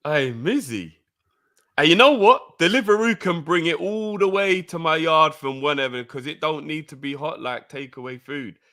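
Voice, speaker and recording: A man's voice: a little high, normal speed. A man co-hosting a live stream, joking around casually and reading out viewer comments. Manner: animated, jokey, streetwise slang.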